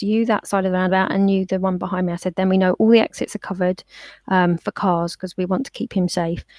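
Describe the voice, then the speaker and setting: A chatty woman tells animated stories and slips into quoted voices as she goes. Her voice has a gravelly, creaky texture. The sound is dry and close, as if she is talking over a call. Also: mid-range voice, dry recording. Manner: chatty, storytelling, acts out quotes. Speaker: pet therapist guest. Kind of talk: casual interview chat.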